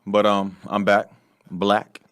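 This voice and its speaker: A man's voice: on the low side, completely flat delivery, slow pace, a bit bright, no room sound, clean studio sound. A man co-hosting a comedy podcast, talking in a laid-back, slangy way. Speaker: podcast co-host. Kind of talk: casual comedic chat.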